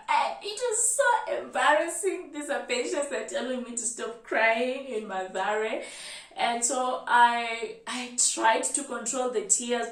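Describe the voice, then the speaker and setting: A Kenyan woman in her twenties, a medical student, telling a personal story in an animated vlog style. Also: mid-range voice, roomy sound, distant mic. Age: 20s. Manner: animated storytelling, lively retelling.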